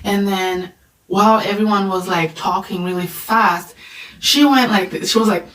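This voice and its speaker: Woman, casual storyteller, chatty, "like" and "right?" a lot, mid pitch, roomy echo. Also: normal speed, a bit bright. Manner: chatty, frequent "like" and "right?" fillers. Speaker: spiritual reader and channeler.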